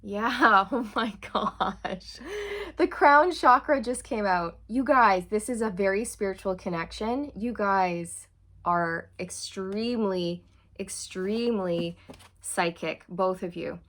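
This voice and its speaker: A woman's voice: mid-range voice, slow pace, a bit bright. A woman giving a channeled tarot reading to her viewers, earnest and reassuring, often checking in with "okay" and "you guys". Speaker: tarot reader.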